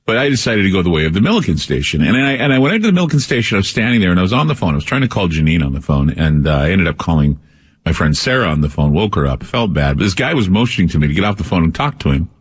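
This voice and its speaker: A man's voice: sits low, sing-song, rapid-fire, slightly rough, big-room sound. A man hosting a radio talk show, telling a rambling personal story with many restarts.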